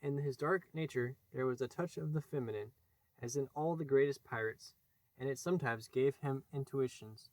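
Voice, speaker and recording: A man narrating a classic children's novel as an audiobook, in a measured storytelling manner. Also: medium pitch, dry recording. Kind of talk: scripted narration.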